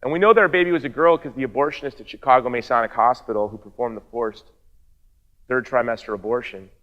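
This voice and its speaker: A middle-aged man speaks to an audience, giving a heartfelt personal testimony at a mid-range pitch. He tells the story earnestly and slips in wry, dry asides along the way. The recording is slightly dull and lo-fi. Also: fast, long reverb tail.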